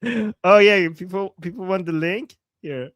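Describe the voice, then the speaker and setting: A man from Iran co-hosts a live reaction stream, reacting with bursts of exclamations and frequent laughter. His voice sits high for a man. The sound is dry and close, with no room echo. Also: moderate pace. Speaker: livestream co-host.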